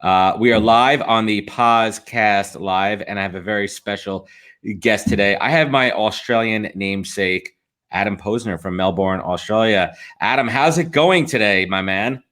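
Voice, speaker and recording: A man's voice: on the low side, normal speed, fairly bright tone. An American man hosting a live podcast stream, talking energetically and playfully. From United States. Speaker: podcast host. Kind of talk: casual live-stream chat. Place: home office in New York City.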